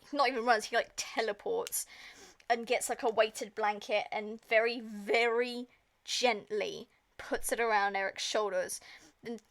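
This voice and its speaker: A woman streaming, retelling a story in a casual, rambling way, full of fillers and swearing. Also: on the high side. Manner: rambling, heavy filler use, frequent swearing.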